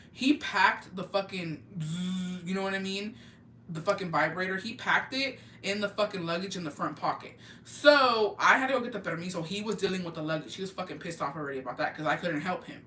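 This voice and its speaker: A woman's voice: on the low side, bright, forceful tone, a little hiss or hum. Swearing woman telling a storytime. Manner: profane, blunt, switches into Spanish words. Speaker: vlogger. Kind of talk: casual storytime. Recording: echoey room, mic at a distance.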